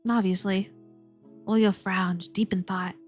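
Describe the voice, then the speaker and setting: A woman's voice: medium pitch, level tone, slow pace, darkish tone, soft background music. A woman streamer reading a game's story aloud, playful and giggly, swearing when startled.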